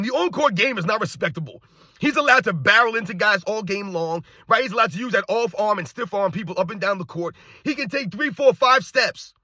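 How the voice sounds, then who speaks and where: A man with a high, bright, forceful voice rants about sport into a close, dry mic. He hammers the same points again and again, emphatic and openly scornful. It sounds like an opinionated solo commentary. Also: no room sound.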